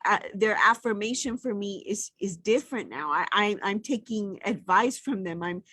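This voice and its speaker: A woman's voice: medium pitch, animated, normal speed, bright, forceful tone, no room sound. A middle-aged woman co-hosting a casual chat, speaking in a heartfelt, reflective way. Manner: heartfelt and reflective, gets emotional. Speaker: podcast co-host.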